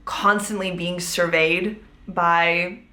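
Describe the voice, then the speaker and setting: A woman's voice: lowish voice, steady tone, takes it slowly, sharp tone. Chatty woman podcaster, roomy sound. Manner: chatty, fills speech with "like". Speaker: podcast host. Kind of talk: casual storytime podcast. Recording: roomy echo.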